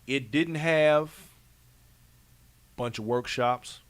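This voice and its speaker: A man's voice: mid-range voice, drawn-out words. Laid-back man hosting. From Chicago. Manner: relaxed, emphatic, slangy Chicago talk. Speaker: show host. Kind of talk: casual recap chat.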